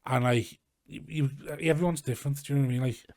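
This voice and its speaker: A man's voice: medium pitch, steady tone, quick pace, darkish tone, no room sound, clean studio sound. A man from Liverpool with a Scouse accent, a comedian chatting casually as a podcast guest, rambling and swearing freely. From Liverpool, England. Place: garage studio.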